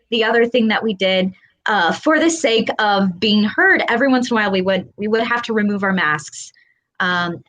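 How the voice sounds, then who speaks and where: A woman's voice: medium pitch, a bit bright. A woman actor guesting in an interview over a video call, articulate and eager. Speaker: theatre company actor.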